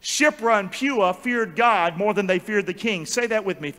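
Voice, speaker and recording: A male pastor preaching a sermon with animated call-and-response and joking asides in a large church. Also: high voice, fairly quick, few pauses. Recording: long church hall reverb.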